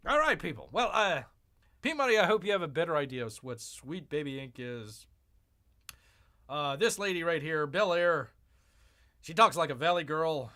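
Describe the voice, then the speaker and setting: Animated, bright-voiced male streamer. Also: a little high, moderate pace. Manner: sarcastic, animated, mock-exasperated reactions. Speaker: streamer host. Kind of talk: live-stream commentary.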